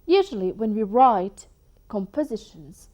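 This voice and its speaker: A woman gives a poetry lesson, explaining each term in an unhurried, deliberate way. Her voice is mellow and warm rather than bright. She reads lines of verse aloud and pauses between ideas as she teaches. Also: medium pitch, expressive. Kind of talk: educational lecture.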